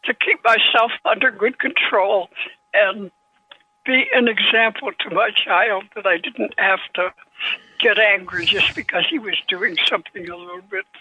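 Husky old woman on a phone line. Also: medium pitch, dry recording. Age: 90s. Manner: slow, gentle storytelling with halting restarts. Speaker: author guest. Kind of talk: telling anecdotes in an interview.

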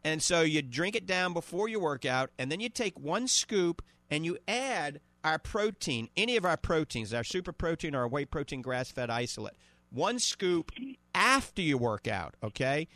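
New Orleans man pitching on radio. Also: very animated, normal speed, sharp tone, dry recording. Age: 50s. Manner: salesy, repeats "okay?" and "all right?" to the listener. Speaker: radio host selling supplements. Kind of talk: radio call-in talk with product pitch.

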